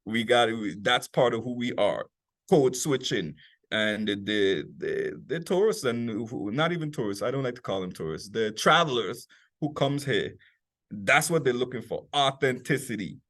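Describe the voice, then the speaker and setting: Workshop speaker, male, US Virgin Islands accent, medium voice, conversational and animated with the audience. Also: mid-range voice, normal speed, dry recording. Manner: lively, conversational, frequent "okay?" and "right?" check-ins. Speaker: workshop speaker, private chef. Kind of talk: customer service workshop talk.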